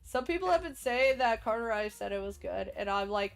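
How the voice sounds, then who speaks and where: A young adult woman hosting a livestream, chatting in a rambling, animated, giggly way. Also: fairly high pitch, brisk, vocal fry, few pauses, faint music behind. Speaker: livestream host. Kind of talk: casual stream chat.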